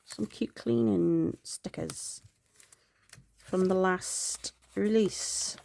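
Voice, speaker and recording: A woman's voice: mid-range voice, extremely slow, gravelly, slight background noise. A middle-aged woman chatting through her planners, rambling and correcting herself, tired and yawning. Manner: rambling, self-correcting, soft laughs. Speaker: planner vlogger.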